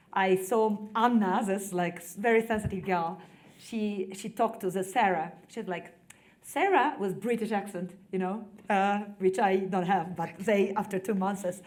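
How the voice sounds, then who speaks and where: A woman in her thirties from Ukraine with a Ukrainian accent, giving earnest personal testimony to an audience in halting English full of "like" fillers. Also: mid-range voice. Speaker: executive director speaking to an audience. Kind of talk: personal testimony, conversational speech.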